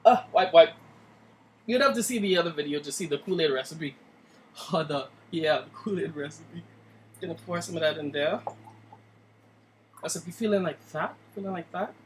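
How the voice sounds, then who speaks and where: A man's voice: on the high side, moderate pace, slight background noise, poor audio. A man casually talking through a cooking vlog in his home kitchen, joking and playful and speaking straight to the viewer. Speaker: cooking vlogger.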